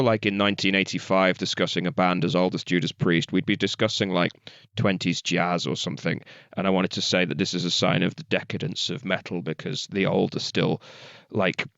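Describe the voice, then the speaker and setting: A man's voice: low-pitched, creaky, fairly bright tone, dry recording, dull audio. A man co-hosting a podcast, chatting loosely about music with lots of "like" and the odd swear. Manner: loose, chatty, frequent "like" and profanity. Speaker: podcast co-host. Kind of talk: casual music chat.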